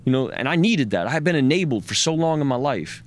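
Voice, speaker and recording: A man spills a raw personal story to an interviewer. His pitch sits in the middle of the male range, and he swears, stammers and repeats words. He slips into the voices of the people he quotes. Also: animated. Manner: profane, halting, repeats words, acts out quoted speech. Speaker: interview guest.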